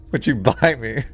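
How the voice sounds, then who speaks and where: A young adult man streaming a video game, rambling through comedic tangents and laughing often. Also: on the high side. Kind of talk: casual live-stream commentary.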